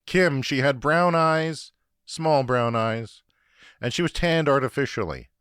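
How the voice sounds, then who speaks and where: A man's voice: medium pitch, expressive, measured pace, a bit bright, clean tone, dry recording, clean studio sound. Ranting, profane Canadian man. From Saskatchewan, Canada. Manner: profane, ranting, self-deprecating. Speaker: podcast host. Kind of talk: comedic storytelling monologue.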